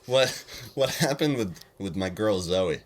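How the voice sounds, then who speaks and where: A young man co-hosting a podcast, telling a story in animated, hesitant casual chat with many fillers. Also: sits low, measured pace. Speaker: podcast co-host.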